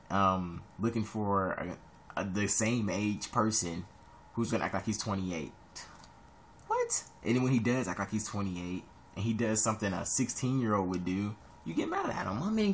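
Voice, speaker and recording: Deep gravelly young man from Ohio. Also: slight background noise. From Columbus, Ohio. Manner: rambling, animated, sudden high-pitched jumps. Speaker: vlogger giving advice. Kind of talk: casual advice monologue.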